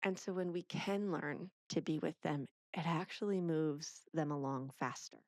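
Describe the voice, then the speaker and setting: A woman's voice: sits low, moderate pace, dry recording, clean studio sound. A woman, a parenting author, chatting as a podcast guest and animatedly acting out the people in her stories. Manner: animated storyteller who acts out quoted speech. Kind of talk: casual interview conversation.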